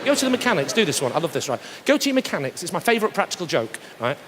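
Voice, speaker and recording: A man doing live stand-up comedy, teasing the crowd, with loud punchlines. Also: high voice, very animated, very fast. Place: large theatre stage with audience. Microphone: stage microphone. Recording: roomy live theatre with audience noise. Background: audience laughter.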